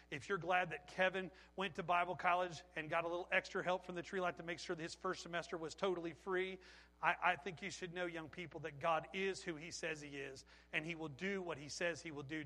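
A man preaching a sermon, telling stories with animated energy and bursting into shouted quotes. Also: high-pitched. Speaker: pastor. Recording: long hall reverb.

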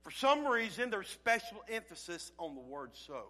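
High, bright-voiced preaching man. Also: big pitch swings, normal speed. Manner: swings from loud preaching to near-murmur. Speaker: pastor. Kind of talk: sermon.

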